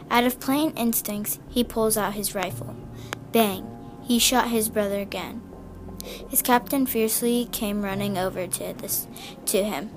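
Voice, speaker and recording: A woman's voice: mid-range voice, steady tone, measured pace. Young woman narrator, story reading with light character shading, music bed underneath. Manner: reads dialogue with small voice changes. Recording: music clearly heard behind.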